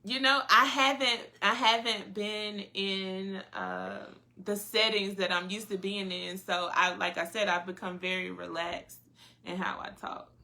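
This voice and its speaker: A woman from North Carolina with a Southern accent, co-hosting a podcast in a relaxed, casual chat and laughing often. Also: medium pitch, unhurried. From North Carolina, USA. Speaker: podcast co-host.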